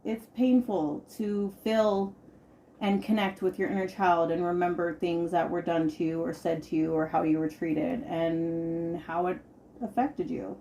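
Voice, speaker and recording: A woman's voice: lowish voice, little pitch movement, unhurried, mellow, a little hiss or hum. A woman in her thirties hosting a podcast, talking candidly and emphatically about her own life. She repeats words for stress and swears casually. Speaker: podcast host. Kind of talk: candid personal podcast talk.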